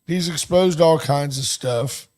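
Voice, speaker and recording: A man's voice: a little high, slow, a little mellow. A man co-hosting a talk radio show, trading blunt, opinionated remarks in casual banter.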